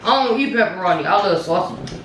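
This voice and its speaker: A woman's voice: medium pitch, expressive, fairly quick, a bit bright, a little hiss or hum. A young woman chatting casually in loose slang while eating on camera, in an echoey room away from the mic. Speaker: mukbang vlogger.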